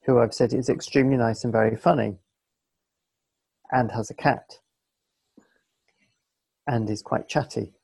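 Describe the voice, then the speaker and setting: A man co-hosting a podcast in casual chat, teasing his partner in a dry, deadpan way. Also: medium pitch, measured pace, gravelly, pauses often, breathy edge, dry recording. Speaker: podcast co-host and editor.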